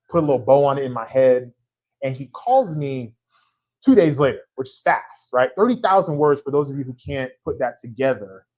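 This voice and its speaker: A man, an author, telling lively anecdotes about writing his book to an audience at a church event, often checking in for agreement. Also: a little high, low-quality recording. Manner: animated, anecdotal, with a frequent tag question asking the audience to agree. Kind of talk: storytelling conversation before a live audience.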